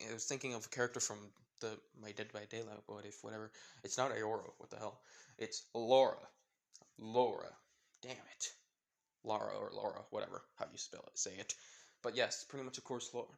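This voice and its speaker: A man narrating an improvised fan-fiction story off the cuff at a middle pitch. He rambles, circling back with fillers and restarts as he goes.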